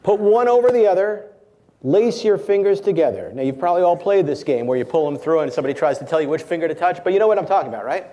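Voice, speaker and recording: A man's voice: sits high, fast, warm tone, dull audio. Playful man giving a keynote. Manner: playful storytelling with audience participation. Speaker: keynote speaker and magician. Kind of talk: live keynote talk to a small audience.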